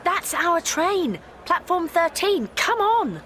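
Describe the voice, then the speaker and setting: A woman's voice: extremely high pitch, sing-song, takes it slowly, heavily acted. An actress playing a female traveler at a station in a short course dialogue. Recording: noisy station ambience.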